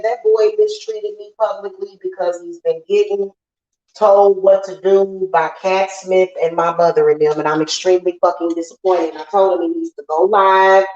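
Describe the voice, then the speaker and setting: A woman's voice: mid-range voice, darkish tone. A woman hosting a casual witchy livestream, venting bluntly and profanely to her viewers. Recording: roomy, slightly dull home sound.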